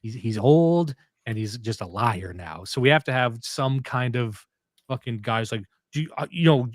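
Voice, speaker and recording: A man hosting a podcast in casual chat, crude and profane, excitable, jumping between topics. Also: mid-range voice, normal speed, dry recording. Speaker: podcast host.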